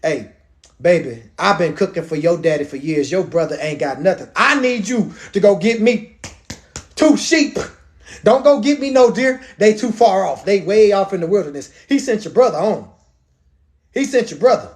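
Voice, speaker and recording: A man's voice: high voice, normal speed. A man voicing a scheming, protective mother who talks her son into her plan in a coaxing, bossy, slangy way. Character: scheming protective mother, middle-aged woman.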